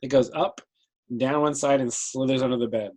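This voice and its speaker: A man's voice: medium pitch, fairly even intonation, moderate pace, a little mellow, a little hiss or hum, low-quality recording. A man narrating as game master of a tabletop game, hesitant with many fillers.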